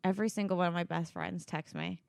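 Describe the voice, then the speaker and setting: A woman's voice: on the low side, steady tone, quick pace, vocal fry, a little mellow, dry recording. A woman co-hosting a podcast, speaking candidly and openly in casual conversation and laughing often. Her voice is recorded close and dry, with no room around it. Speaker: podcast co-host. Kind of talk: casual chat.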